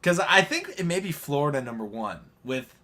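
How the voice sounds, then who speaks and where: Bright-voiced man in casual sports chat. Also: on the high side, lively intonation, a little fast. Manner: rambling, hesitant, laughs often. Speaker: podcast co-host.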